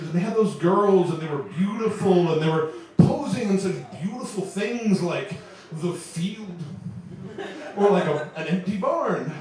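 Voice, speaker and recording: Animated young man doing stand-up in a roomy club. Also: high-pitched. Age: 20s. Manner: animated, chuckles through his own jokes. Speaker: stand-up comedian. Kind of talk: stand-up comedy set. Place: comedy club stage. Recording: echoey club, distant mic, audience.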